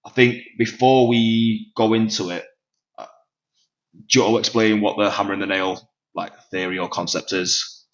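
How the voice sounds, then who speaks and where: A man's voice: lowish voice, fairly even intonation, normal speed. A man with a Manchester accent hosting a grappling podcast, chatting casually, swearing and laughing easily. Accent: Northern English, Manchester. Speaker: podcast host and grappling coach. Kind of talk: casual chat. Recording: dull lo-fi sound.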